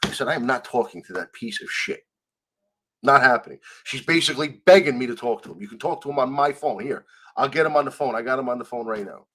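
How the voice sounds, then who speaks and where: Male guest with a medium voice, animated storytelling, quotes others in different voices. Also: mid-range voice, quick pace. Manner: animated, acts out quoted dialogue, swears freely. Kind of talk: storytelling in a conversational interview.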